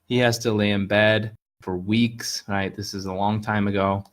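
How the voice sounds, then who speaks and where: Hosting a casual live stream, a man tells an old Chinese fable in an upbeat, chatty manner, pointing at pictures as he narrates and pausing to explain words. His voice is fairly low and level in tone.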